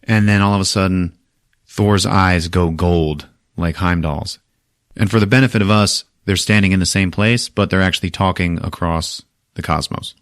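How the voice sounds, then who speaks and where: A man's voice: low voice, fairly even intonation, moderate pace, fairly bright tone, no echo, clean studio sound. A man hosting a podcast, casually recapping a movie in a profane, laughing way. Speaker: podcast host.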